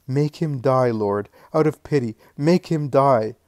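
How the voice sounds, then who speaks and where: A man voicing a grieving older mother who pleads in a high, loud voice. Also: normal speed, no echo, studio quality, lightly acted. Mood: anguished. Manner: high, loud, wailing pleas.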